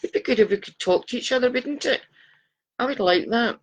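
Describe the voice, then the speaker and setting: A woman's voice: fairly high pitch, a little fast. A woman giving live psychic readings, chatty and affectionate, calling viewers darling. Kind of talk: live-stream chat reading viewers' photos.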